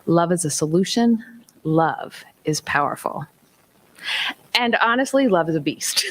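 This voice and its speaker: A woman giving a spiritual talk, telling personal stories with emphatic whispers and acted-out dialogue. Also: fairly low pitch. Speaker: minister and special ed teacher.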